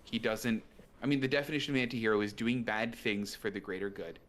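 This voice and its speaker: A man's voice: on the low side, fast, a bit bright. A man co-hosting a movie podcast, arguing his point with many "right?" check-ins. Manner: argumentative, builds a point with "right?". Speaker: podcast co-host. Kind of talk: casual movie review chat.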